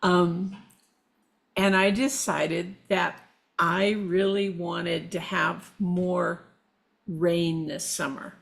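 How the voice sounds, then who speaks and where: Middle-aged woman guest, unhurried and gravelly, halting casual talk. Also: on the low side, little pitch movement. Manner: slow, meandering, halting with restarts. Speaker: guest, shamanic practitioner. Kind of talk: casual conversation.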